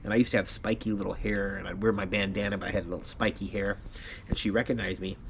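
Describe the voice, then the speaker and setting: A man's voice: lowish voice, little pitch movement, fast talker, slight background noise. Man telling a story, laughing often. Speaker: vlogger. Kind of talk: casual personal storytelling.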